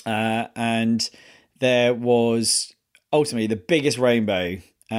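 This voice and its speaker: A man hosting a podcast, telling a personal story in an earnest, halting way with many pauses and restarts. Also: medium pitch. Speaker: podcast host.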